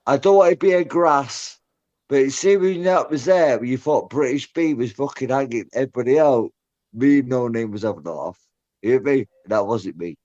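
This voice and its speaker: A rowdy man rambles through a voice-chat conversation, swearing freely and tagging "lad" or "mate" onto almost every phrase. His voice sits at an ordinary middle pitch. The audio is dull and lo-fi, the way voice chat often sounds. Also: expressive, moderate pace, dark tone. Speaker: guest on a voice-chat show.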